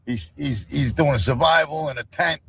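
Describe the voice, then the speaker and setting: A man's voice: fairly high pitch, moderate pace, creaky, a bit bright, a little hiss or hum, low-quality recording. A man talking as a guest on a livestream in casual chat, rambling and repeating himself. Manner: rambling, repeats "you know what I mean".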